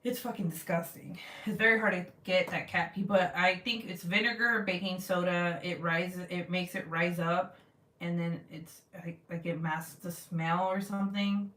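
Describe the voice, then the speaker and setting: Talking casually to camera, this thirty-something vlogger tells a story bluntly and swears without restraint. Her fairly low voice holds a steady tone at normal speed and sounds a bit bright, recorded roomy and from a distance.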